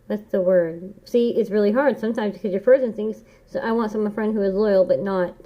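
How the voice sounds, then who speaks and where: In a dull lo-fi home recording, a woman offers a casual tarot reading at a brisk pace. Her mid-range voice is earnest and encouraging, and she repeats key phrases like a mantra.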